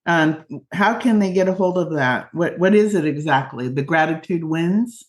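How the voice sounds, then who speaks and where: A woman hosting a radio interview, speaking gently and sounding moved. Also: fairly low pitch, normal speed. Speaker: radio show host.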